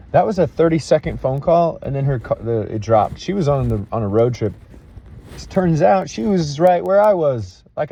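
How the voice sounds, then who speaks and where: A man telling an emotional personal story in a halting, earnest way, full of restarts and fillers. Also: mid-range voice, warm tone, lo-fi sound.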